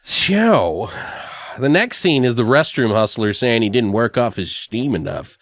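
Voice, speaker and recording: Man, podcast co-host, casual movie review chat, lively swooping pitch, dry close sound, acts out scenes in quick voices. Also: dry recording. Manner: animated, retells scenes with quick exaggerated voices, swears freely.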